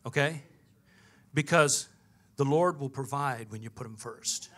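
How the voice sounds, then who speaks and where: A man's voice: medium pitch, measured pace, a bit bright. A man, preaching a sermon and telling a personal story with quoted dialogue. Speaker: pastor.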